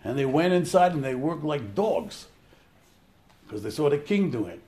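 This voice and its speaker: A man's voice: on the high side, big pitch swings, normal speed, warm tone. A man giving an informal religious lecture, telling the story animatedly and acting out the quotes. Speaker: Torah teacher.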